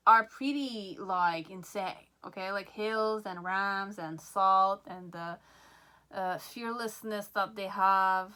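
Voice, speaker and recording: Slow, bright-voiced excitable tarot reader woman. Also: medium pitch. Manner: excitable, repeats "okay?" often, laughs. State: out of breath. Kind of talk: pick-a-card tarot reading.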